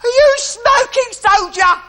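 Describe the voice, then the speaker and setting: An actor playing a bullying army drill sergeant who barks sarcastic orders. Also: male voice, extremely high pitch, slow pace, gravelly, sharp tone, exaggerated voice. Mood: barking orders. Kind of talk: television drama acting.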